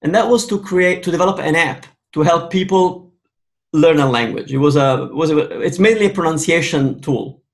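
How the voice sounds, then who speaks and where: A man's voice: fairly high pitch, moderate pace, vocal fry. A man from Italy with an Italian accent, hosting an interview in English, talking hesitantly and restarting his sentences. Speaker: host. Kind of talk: casual interview.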